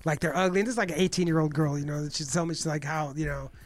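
A man's voice: a little high, fairly even intonation, racing, faint music behind. A man in his forties telling a rambling story on a casual podcast, full of fillers and swearing. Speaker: co-host.

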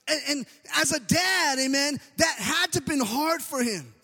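High-voiced man preaching in echoey hall. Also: animated, unhurried, few pauses, sharp tone. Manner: emphatic, sing-song preaching cadence with frequent "amen". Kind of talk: sermon.

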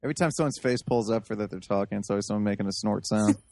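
A man's voice: fairly low pitch, racing, creaky, darkish tone, no echo. A man co-hosting a podcast in casual chat, laid-back and chatty. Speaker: podcast co-host.

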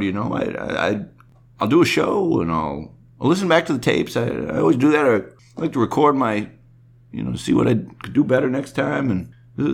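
A man impersonating a soft-spoken, polite male comedian in a halting, stammering voice. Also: vocal fry, breathy edge. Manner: high, halting, stammering goofball voice.

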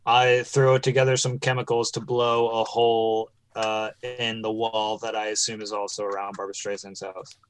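A man playing a tabletop game, describing his character's actions with offhand, deadpan jokes. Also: lowish voice, moderate pace, hardly any pauses, smooth. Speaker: player. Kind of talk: tabletop role-play banter.

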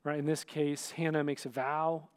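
Guy pastor preaching, high voice, talky, keeps asking right?. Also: little pitch movement, normal speed, smooth. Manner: conversational, checks in with "right?"; dramatic, acts out scenes. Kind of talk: sermon.

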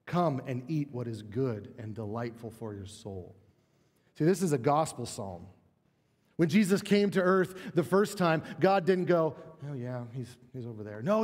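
A man preaching from the pulpit in a lively, emphatic way, doubling words as he drives each point home. His voice sits a little high for a man. Long reverb from the church room hangs behind every phrase. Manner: animated, emphatic, repeats words when building a point. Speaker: pastor. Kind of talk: sermon. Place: church sanctuary.

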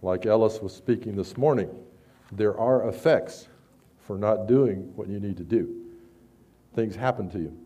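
Mellow low-voiced man preaching a sermon. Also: a little slow, long pauses, breathy edge. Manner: conversational, rises loud when reading scripture, some stammered restarts.

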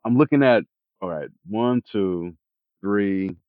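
A man's voice: lowish voice, slow, no room sound. A man co-hosting a podcast, bantering casually and laughing along. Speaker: podcast co-host. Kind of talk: casual chat. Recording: dull lo-fi mic.

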